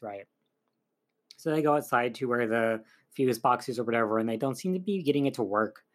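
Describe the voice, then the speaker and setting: A man's voice: mid-range voice, brisk. A man casually recapping a film's plot as a reviewer, rambling with lots of fillers. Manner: chatty, rambling, full of "like" and "um". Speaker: film reviewer.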